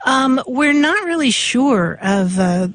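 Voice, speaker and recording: A woman's voice: high voice, very animated, slow pace, dry recording. A woman co-hosting a radio show about language, playful, laughing often as she explains where words come from. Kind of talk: relaxed radio talk show chat. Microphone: studio microphone.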